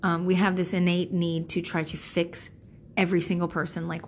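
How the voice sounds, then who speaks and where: A woman's voice: fairly low pitch, little pitch movement, normal speed, slight background noise. A middle-aged woman speaking as a parent, talking frankly and casually, rambling off topic, cursing freely and acting out quotes in different voices. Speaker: parent sharing advice. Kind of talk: candid casual monologue.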